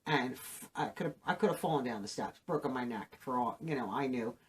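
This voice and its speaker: A middle-aged woman, the host of her own channel, telling a personal story to camera in a halting, emotional way, full of fillers. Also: rumbling low, animated. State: emotional, saddened.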